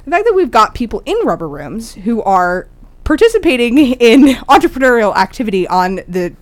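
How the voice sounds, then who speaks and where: A woman's voice: fairly high pitch, very animated, fairly quick. Wry woman reading a news segment. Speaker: podcast co-host.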